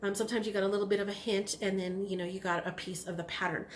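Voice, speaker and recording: A woman hosting a knitting video podcast, chatting casually and excitedly about yarn, rambling with lots of ums and restarts. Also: medium pitch, racing, slight background noise. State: has the hiccups. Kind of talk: casual chatty show-and-tell.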